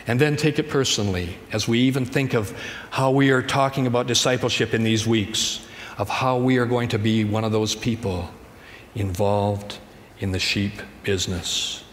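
A man's voice: mid-range voice, moderate pace, fairly bright tone. A man pastor preaching a sermon in a conversational, storytelling manner, recorded in a church sanctuary. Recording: church hall reverb, faint ambience.

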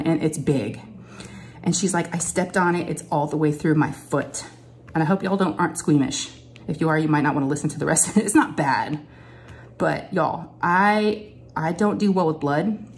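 A woman's voice: fairly low pitch, normal speed, slight background noise. A middle-aged woman, chatting casually as she tells a long story in her home craft room. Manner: chatty, animated storytelling with many asides. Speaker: crafting vlogger.

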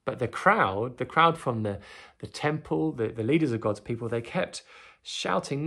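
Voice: mid-range voice, animated, moderate pace, pushed and bright. A children's teacher telling and reading a Bible story, often asking the children tag questions.

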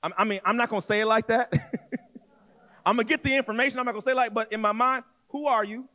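A man's voice: very high-pitched, steady tone, fast talker, bright, forceful tone. A man preaching a sermon as pastor, telling a story in a conversational way, acting out voices and repeating himself as he goes. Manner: direct, conversational, repeats words and restarts.

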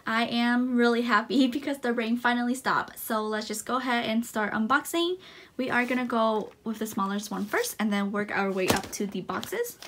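A young woman with a slightly high voice talks her way through an unboxing in a loose, chatty vlog manner. She gushes and gasps with excitement, her speech sprinkled with fillers and little restarts. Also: noisy background. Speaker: unboxing vlogger. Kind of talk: casual unboxing chat.

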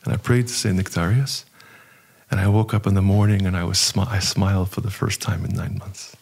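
A middle-aged archpriest telling a personal story in an earnest, halting way, with many pauses and fillers. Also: male voice, low voice, little pitch movement, gravelly, a little mellow, breathy edge. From United States. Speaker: archpriest guest.

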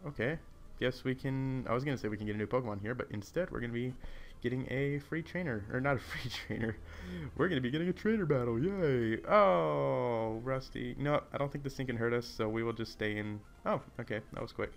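Fairly quick and mid-range, this man's voice carries vocal fry over a faint hiss or hum. He's casually narrating a video game as a let's play commentator, wandering off topic and staying hushed in a reverberant hotel room.

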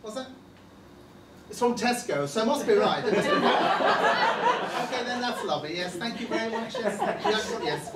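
A performer plays a fussy front-of-house attendant who chatters and trips over false starts, the voice swinging up and down with lively pitch. Heard from across an echoey hall with audience noise, as in a live amateur cabaret. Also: normal speed, recorded from a distance, over a noisy crowd, natural voice. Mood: flustered. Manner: stammering, gossipy, with many false starts. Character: fussy, chatty theatre box-office attendant greeting arrivals. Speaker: comedy sketch performer. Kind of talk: live stage sketch. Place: village hall stage.

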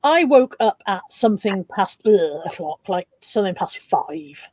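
A woman's voice: medium pitch, animated, a little slow, warm tone, no room sound. Chatty woman hosting a live stream. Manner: chatty, reads out viewer comments with bursts of laughter. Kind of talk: casual live stream chat.

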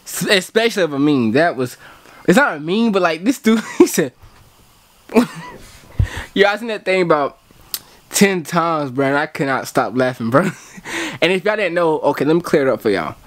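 A man's voice: on the high side, animated, moderate pace, no echo. A man hosting a casual vlog from his car, talking in a slangy, laid-back way straight to his viewers. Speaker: vlogger host.

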